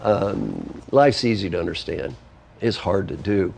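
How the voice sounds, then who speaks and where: A man's voice: deep voice, very animated, unhurried, gravelly, a little mellow, a little hiss or hum. Guy guest on a talk show, emphatic and teachery, goes through his points one by one. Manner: emphatic, list-driven, teacherly. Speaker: guest author and coach. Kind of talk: conversational interview.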